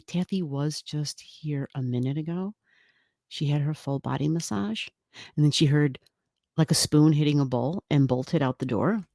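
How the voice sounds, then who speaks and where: With a low-sitting, darkish voice, a woman hosts an astrology livestream, chatting and rambling casually as she says hello to viewers and reads comments. She laughs frequently and swears lightly. The audio is clean studio sound without echo.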